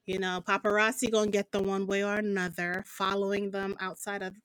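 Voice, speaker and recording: A woman's voice: mid-range voice, flat delivery, a bit bright, clear, resonant tone, no echo, poor audio. Woman, emphatic and sassy, casual recap talk, dry close sound. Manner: emphatic, sassy, quick asides. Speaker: podcast co-host. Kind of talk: casual chat recapping a reality show.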